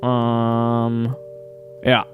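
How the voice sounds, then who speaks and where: A man's voice: medium pitch, monotone, extremely slow, narrow, tinny audio, soft background music. Rambling, laughing podcast co-host man. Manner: rambling, easily sidetracked, laughs often. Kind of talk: casual chat.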